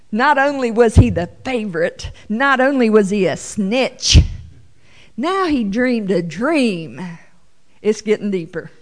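A woman leads a sermon-style Bible lesson in a fairly high voice. She reads scripture at an unhurried, drawn-out pace. Between verses she breaks into lively, playful asides for her listeners. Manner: animated, drawls scripture slowly, playful asides. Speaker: Bible teacher.

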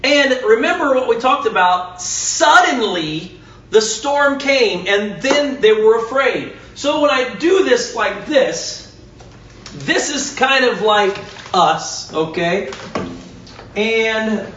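A young man giving an animated children's sermon, talking straight to the kids and acting out the story. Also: high-pitched, slow, highs cut off, slight background noise. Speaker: youth pastor. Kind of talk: children's sermon with object lesson.

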